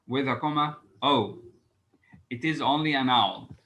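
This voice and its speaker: A man teaching an English grammar lesson, reading example sentences aloud slowly and pausing often with "uh". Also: a little high, a bit bright, low-quality recording. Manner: halting, frequent "uh" fillers, reads examples aloud slowly.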